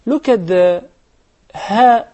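A man teaching recitation rules on a TV lesson, explaining step by step and chanting verses slowly. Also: high voice, warm tone. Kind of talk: televised recitation lesson with live callers.

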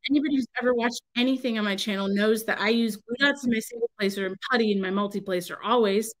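A woman's voice: fairly high pitch, quick pace, poor audio. A woman crafter on her own channel, talking casually in a rambling, exasperated, self-interrupting way from home. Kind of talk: casual vlog rant.

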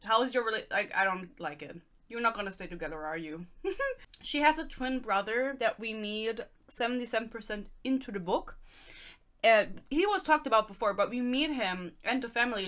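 A young German woman reviews a book in a casual, sarcastic rant, reading excerpts aloud. Her medium-pitched voice is fairly bright, lively in intonation, and a little fast.

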